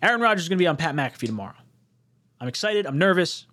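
A young man co-hosting a live sports fan stream, rambling excitedly with frequent laughs and the odd swear word. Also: a little high, rapid-fire. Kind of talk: excitable casual chat.

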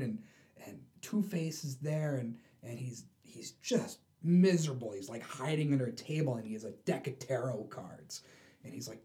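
A man's voice: mid-range voice, moderate pace. A man co-hosting a casual podcast, retelling a comic book story with lots of energy and acting out the characters' lines. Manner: animated storyteller, acts out the characters' voices. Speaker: podcast co-host.

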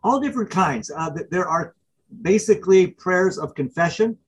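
Brief: male professor-author guest, husky tone, lively storyteller who acts out scenes. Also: high-pitched, normal speed, dull audio. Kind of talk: interview guest.

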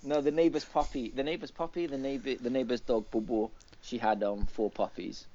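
A man's voice: mid-range voice, fairly even intonation, a little fast, warm tone. A man co-hosting a podcast, chatting in a rambling, laughing, unsure way. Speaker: podcast co-host. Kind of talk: casual chat. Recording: dull lo-fi podcast audio.

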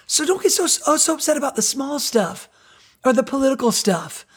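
A middle-aged woman pastor giving a sermon in a chatty, animated, self-deprecating way. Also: sits high, a little fast.

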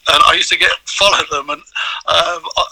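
An older man, a former footballer, telling animated anecdotes in an interview, stumbling over repeated words. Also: fairly high pitch, normal speed, creaky, low-quality recording. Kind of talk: storytelling interview.

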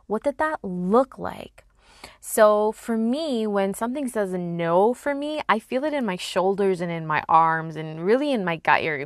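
A woman hosting her own podcast as an intuition coach, talking in a calm, earnest and encouraging way. Her voice sits at an ordinary middle pitch. It is recorded close and dry, with no room sound. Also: no echo. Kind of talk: solo podcast talk.

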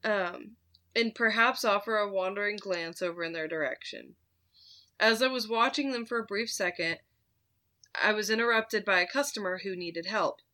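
A woman's voice: mid-range voice, moderate pace, bright, forceful tone. A woman host casually telling a story from her retail job, laid-back, swearing freely and laughing at her own tale.

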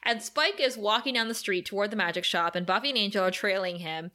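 A woman co-hosting a podcast, recapping a TV episode in casual chat with a lively, giggly retelling. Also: medium pitch, fast talker. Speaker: podcast co-host.

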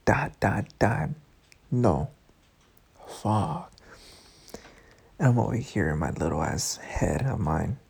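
A man's voice: lowish voice, expressive, takes it slowly, vocal fry, long pauses, darkish tone, breathy edge. A young man in his twenties telling a casual story, frank and profane, talking straight to his listeners. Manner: frank, profane, talks to the audience directly. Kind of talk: casual storytime, swearing freely.

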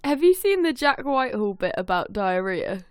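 A woman co-hosting a podcast over a remote call, her voice smooth and clear. She teases and laughs easily in relaxed chat. The sound is dry and close, with no room around it. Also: mid-range voice, moderate pace, no echo. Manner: laughs often, teasing, chatty. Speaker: podcast co-host. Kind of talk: casual chat. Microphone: own microphone, remote call.

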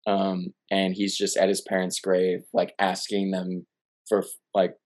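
Man, low-pitched, excitable, casual chat, restarts sentences. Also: a little slow. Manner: excitable, gushing, trails off and restarts. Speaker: podcast co-host.

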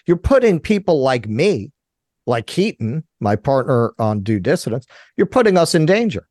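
A man's voice: mid-range voice, sing-song, normal speed, darkish tone, dry recording. A man from Brooklyn, a guest on a political radio show, speaking in an impassioned, indignant way. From Brooklyn, New York. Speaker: guest commentator. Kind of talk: political talk radio interview.

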